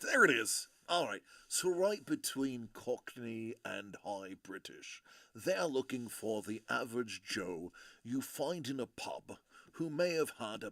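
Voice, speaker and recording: In a dry, clean studio recording, a man with a medium-pitched voice runs a trading-card-breaking livestream. He chats loosely with the people watching, rambling and trading jokes with them.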